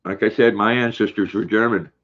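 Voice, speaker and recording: Older man, low voice, folksy, live chat host, dull lo-fi sound. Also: fairly even intonation, brisk, a bit bright. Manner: folksy, repeats words while reading chat aloud. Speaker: livestream host. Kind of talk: casual livestream chat, reading comments. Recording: dull lo-fi stream audio.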